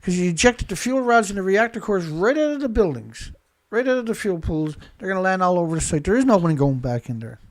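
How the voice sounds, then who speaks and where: A man hosting a live show delivers an angry rant full of insults and repeated rhetorical questions. His high, sing-song voice races along with hardly any pauses and no echo, and he sounds a little congested, blowing his nose.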